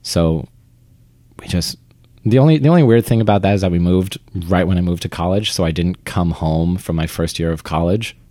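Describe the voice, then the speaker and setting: A young theater actor from Vermont, United States, talks about his life in a conversational interview, his very low, mellow voice moving fairly quickly. Chatty and self-deprecating, he often restarts sentences; the recording is dry and close, with little room sound and no echo.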